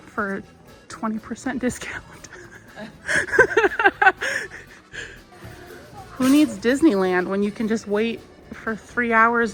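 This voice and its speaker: A woman vlogging casually while she walks through a craft store on her phone, chatty and a little wistful, with soft laughs now and then. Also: a little high. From United States. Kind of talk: casual shopping vlog chat. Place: inside a large craft store. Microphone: phone held while walking.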